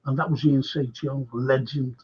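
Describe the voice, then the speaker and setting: An older man hosting a casual fan podcast, rambling, animated and swearing a lot. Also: mid-range voice, moderate pace. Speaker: host. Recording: dull lo-fi call audio.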